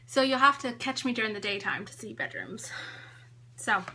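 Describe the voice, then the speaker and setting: A woman's voice: a little high, very animated, a little fast, sharp tone, a little hiss or hum. A pregnant woman in her late thirties, a little out of breath, chatting and giggling as she gives viewers a tour of her home on a tripod camera. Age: 30s. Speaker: home organizing vlogger. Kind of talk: casual live-stream chat giving a home tour.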